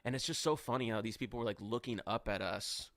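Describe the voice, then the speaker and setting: A man's voice: fairly low pitch, fast, fairly bright tone, dry recording, clean studio sound. A young man telling a long, rambling story on a podcast, filling it with "like" and acting out what people said. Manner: rambling, heavy on "like", acts out quotes. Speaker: podcast guest. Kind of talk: casual storytelling.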